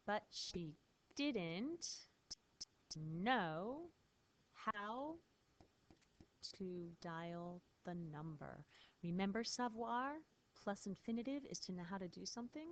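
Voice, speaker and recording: A woman's voice: mid-range voice, animated, slow. A woman teacher patiently explaining French phrases in a recorded lesson, spelling words out.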